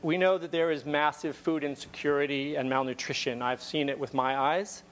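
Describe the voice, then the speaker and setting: A man's voice: fairly high pitch, steady tone, moderate pace, a little hiss or hum. A man giving a talk to an audience, telling a story conversationally with wry asides and frequent repeated words.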